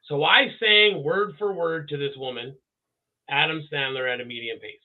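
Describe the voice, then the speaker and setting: A male podcast co-host telling stories in casual chat. He is animated, acts out quotes, and stammers through restarts. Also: on the high side, quick pace. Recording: tinny phone-like audio.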